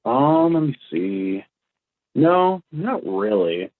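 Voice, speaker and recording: A man's voice: medium pitch, sing-song, very slow. A man, a guest in a casual interview, telling rambling stories with stammers and restarts. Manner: rambling, stammering anecdotes with acted-out quotes. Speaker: guest, former prank video maker. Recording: tinny phone-like audio.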